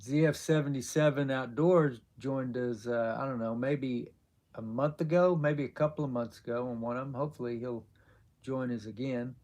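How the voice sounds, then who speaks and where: A man of middle pitch chats casually on a live stream, answering viewers as he goes. He rambles and halts often, filling gaps with ums and you-knows. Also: steady tone, moderate pace, darkish tone. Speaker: livestream host.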